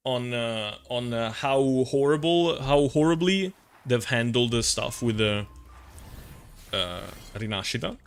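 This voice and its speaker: A gaming streamer talks to his chat while playing, ranting and swearing often with plenty of filler words in casual live-stream commentary. His mid-range voice is animated and measured in pace, with a clear, resonant tone.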